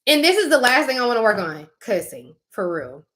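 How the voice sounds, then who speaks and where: A woman's voice: a little high, brisk. A young adult woman co-hosting a casual chat, telling stories animatedly with laughing asides and acted-out quotes. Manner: animated storytelling, acting out quotes; frequent fillers and laughing asides.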